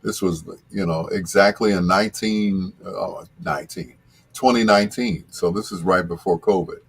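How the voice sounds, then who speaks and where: A man hosting a radio show, telling a casual story in a rambling way, full of restarts and asides, with his voice jumping up when he gets excited. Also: low-pitched, moderate pace, vocal fry, breathy edge.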